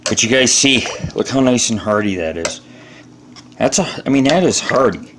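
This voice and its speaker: A man's voice: mid-range voice, lively intonation, moderate pace, recorded from a distance, background noise. A man hosting a live home cooking show, talking in a profane, boastful, rambling way. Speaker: show host. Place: home kitchen. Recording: roomy echo, off-mic.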